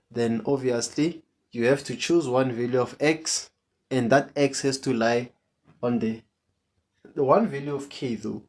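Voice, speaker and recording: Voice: medium pitch, a little mellow. A maths tutor, teaching an online lesson and repeating each question to coax answers from students.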